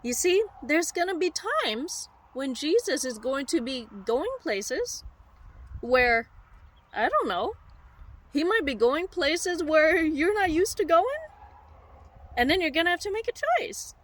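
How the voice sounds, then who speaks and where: A woman preacher telling a story in a sermon, animated and heartfelt, speaking straight to her listeners. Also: high voice, measured pace.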